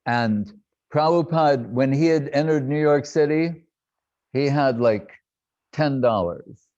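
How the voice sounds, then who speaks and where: An older man reminiscing in a lively storytelling talk, laughing and acting out what others said. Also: medium pitch, slow pace, dry recording. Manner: animated, laughing, acts out quotes. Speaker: devotee recounting memories. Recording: dull lo-fi dry sound.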